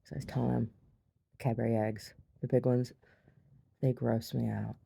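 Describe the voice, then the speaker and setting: A woman telling a rambling story in her video diary, chatty and quick to laugh, often repeating herself. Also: very deep voice, flat delivery, creaky, mellow, a little hiss or hum. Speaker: video diarist. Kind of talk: casual storytelling to camera.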